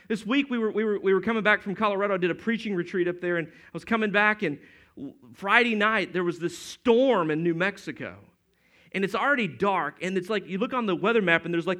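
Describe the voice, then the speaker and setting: A man's voice: high-pitched, fairly bright tone. A middle-aged man preaching a sermon as pastor, in a conversational, storytelling way that acts out quotes.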